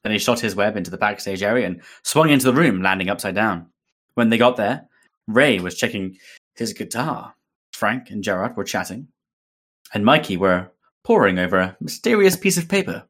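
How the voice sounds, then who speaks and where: A man's voice: fairly low pitch, moderate pace. A man, hosting a podcast and reading fan fiction aloud, laughing as he goes. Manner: animated, breaks into laughter often. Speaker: podcast host.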